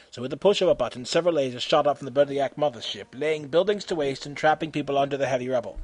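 A man narrating a comic story in a deadpan, matter-of-fact way. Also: mid-range voice, fast, hardly any pauses, faint music behind.

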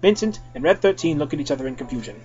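Theatrical podcast reader, lively up-and-down voice, dull lo-fi audio, faint music behind. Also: mid-range voice. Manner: theatrical, quick to switch voices. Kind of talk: comic fan-fiction reading.

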